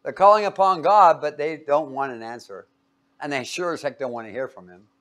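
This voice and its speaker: Leading an interactive Bible class, a man teases the group in front of him, quizzing them and cracking jokes as he goes. His voice is a little high for a man, with a fairly bright tone and a brisk pace.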